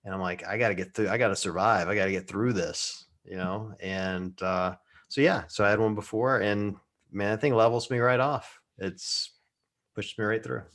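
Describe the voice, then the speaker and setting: Man, podcast co-host, low voice, joking, laid-back chat. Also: steady tone, normal speed, fairly bright tone. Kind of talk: casual chat.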